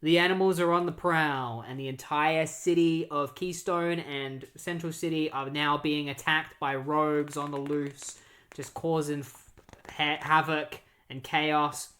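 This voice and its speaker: A comic book reviewer talks through a storyline in a loose, chatty recap. The voice sits at a middling pitch and keeps stopping and restarting with fillers. Now and then it slips into characters' lines while recounting the plot. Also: fairly even intonation, unhurried, fairly bright tone.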